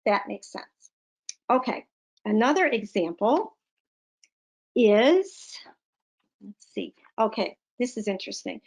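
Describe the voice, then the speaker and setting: A woman's voice: medium pitch, expressive, slow pace, gravelly, long pauses. A woman teaching a punctuation lesson, explaining patiently with playful emphasis. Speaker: literacy teacher. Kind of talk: classroom lesson.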